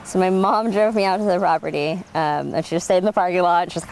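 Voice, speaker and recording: A woman in her thirties from Oregon, telling stories in an oral history interview, animated, with frequent laughs and fillers. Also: medium pitch, a little fast, a little hiss or hum. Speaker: interviewee, winemaker.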